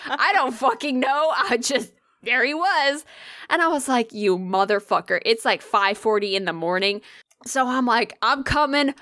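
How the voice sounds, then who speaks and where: A woman with a high, bright, forceful voice casually tells a story, swearing freely and full of animated energy. She speaks unhurriedly, and the recording is dry and close with no room sound.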